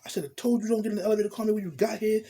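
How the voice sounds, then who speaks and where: Worried young woman on the phone, put on by a man, high and raspy, profusely sorry. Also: fairly even intonation, dark tone. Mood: apologetic. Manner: fretful, fast apologizing.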